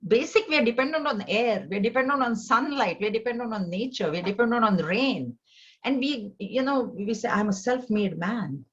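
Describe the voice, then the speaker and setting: A woman teaching a scripture class, earnest, often restarting her sentences and rising in pitch to stress her points. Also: lo-fi sound. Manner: earnest, repetitive, with many restarts. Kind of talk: spiritual lesson on scripture.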